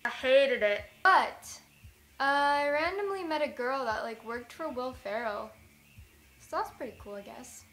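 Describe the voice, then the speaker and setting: A woman's voice: high voice, expressive, a little slow, a bit bright, a little hiss or hum. A young American woman in a casual vlog, telling a story in a rambling, self-mocking way, full of "like". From United States. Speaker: vlogger.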